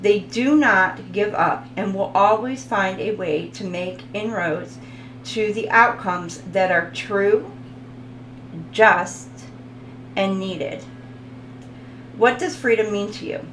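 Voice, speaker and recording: A woman's voice: medium pitch, slow pace, long pauses, a bit bright, roomy sound, slight background noise, low-quality recording. A woman giving a casual tarot reading, rambling, giggling and reading card text aloud. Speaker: tarot reader.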